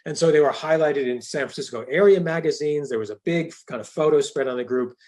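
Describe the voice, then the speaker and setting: A man's voice: a little high, brisk, darkish tone. A male professor giving a university lecture in a conversational way, with dry humorous asides.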